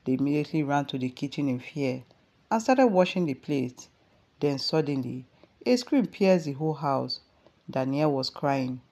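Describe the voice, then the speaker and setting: A woman with a Nigerian accent narrating a dramatic family story in a steady storytelling voice. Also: low voice, normal speed.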